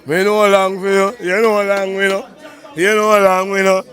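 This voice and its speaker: Jamaican guy yelling jokes at his friends, high voice, crowd loud all round. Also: flat delivery, fairly quick. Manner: loud, teasing, swears freely in patois. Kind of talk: rowdy street banter. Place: outdoor street dance at night. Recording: loud crowd noise around.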